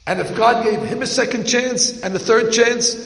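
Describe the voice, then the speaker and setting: A man's voice: very high-pitched, normal speed, reverberant, big-room sound, poor audio. A man, a rabbi, preaching a sermon and telling stories, acting out the voices of the people in them. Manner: animated storyteller acting out dialogue, gravelly voice. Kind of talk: sermon with storytelling.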